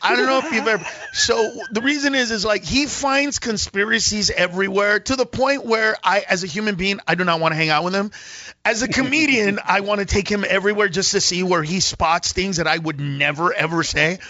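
Man, comedian, animated storytelling, acts out voices, bright tone, dull dry recording. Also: high-pitched, a little fast. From Mexican-American. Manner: acts out voices in stories, laughs often. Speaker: comedian guest.

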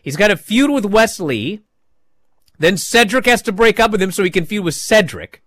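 A man hosting a wrestling talk show, recapping matches in casual chat with animated, mocking outbursts. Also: high-pitched, normal speed, no echo, clean studio sound. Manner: animated, mocking, jumps to shouting. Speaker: wrestling podcast host.

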